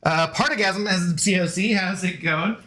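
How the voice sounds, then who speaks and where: A man's voice: high-pitched, normal speed, sharp tone. A man streaming video games, chatting playfully with his dog and his viewers. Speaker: game streamer. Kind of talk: casual live-stream chat.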